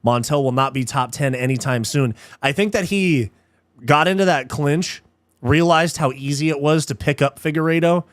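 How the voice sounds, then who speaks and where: A young man commenting live on a fight as host, excitable and easily frustrated, swearing casually and calling people dude and bro. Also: a little high, normal speed, no room sound, clean studio sound.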